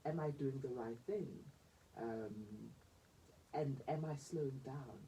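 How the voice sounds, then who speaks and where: A woman with a South African accent hosting a radio talk show, expressive and emotional, laughing easily as she speaks. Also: very deep voice, takes it slowly, distant mic, rough recording. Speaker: radio host. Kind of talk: radio interview.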